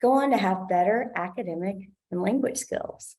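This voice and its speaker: Woman, parent trainer, instructional presentation, mid pitch, gravelly edge. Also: normal speed, warm tone. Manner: clear, explanatory, acts out quoted parents.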